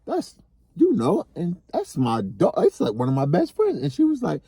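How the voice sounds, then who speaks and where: A man with a dark, gravelly, husky voice tells stories in a casual podcast chat, his pitch jumping all over the place. He goes up into high exclaims when he is worked up. The sound is dry and close to the mic. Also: moderate pace, no echo. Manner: animated storyteller, swings up into high exclaims. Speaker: podcast co-host.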